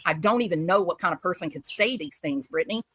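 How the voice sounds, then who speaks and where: A woman's voice: lowish voice, animated, fast, a bit bright, breathy edge. A woman giving heated commentary as a streamer, scolding and repeating herself for emphasis.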